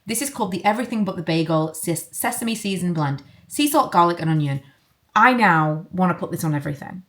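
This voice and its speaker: A woman's voice: on the low side, lively intonation, fairly quick, a bit bright. A woman in her thirties chatting casually to camera at home as a vlogger, enthusiastic and self-deprecating. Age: 30s.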